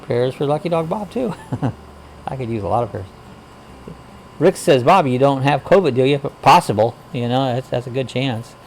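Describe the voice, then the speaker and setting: A man at a moderate pace runs a casual livestream chat, reading comments from viewers and greeting people with a folksy, rambling style and frequent "uh" fillers. His voice is mid-range, and the audio carries a little hiss or hum.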